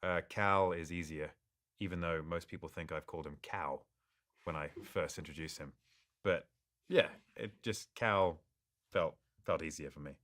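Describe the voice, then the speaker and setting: Male actor, very low voice, easygoing live fan Q&A, reads questions out, restarts his thoughts. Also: normal speed. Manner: reads questions aloud, relaxed and good-humored. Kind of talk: live social-media Q&A.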